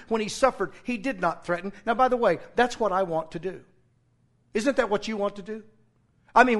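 A middle-aged male pastor preaching a sermon, quoting scripture and getting animated, nearly shouting when he retells his own confrontations. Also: high-pitched. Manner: animated, rising to near-shouting in retold confrontations.

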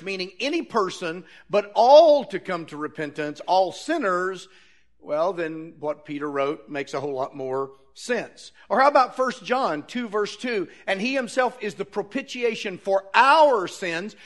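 A man's voice: high-pitched, very animated, a little slow, a bit bright. A man preaching a sermon, reading Bible verses aloud and arguing his point earnestly with rhetorical questions.

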